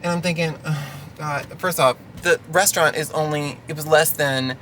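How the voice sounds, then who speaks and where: A man's voice: on the high side, fairly even intonation, moderate pace, bright, forceful tone, a little hiss or hum. A delivery driver venting through a ranting storytime vlog from his car, sarcastic and exasperated.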